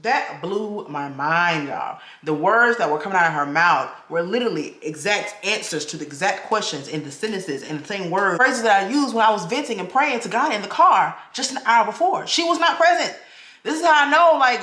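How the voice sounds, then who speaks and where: A woman's voice: on the low side, expressive, moderate pace, a bit bright, echoey room. A woman, a vlogger in her thirties, tells a personal story straight to her viewers, talking to them as "y'all" and acting out the voices she quotes.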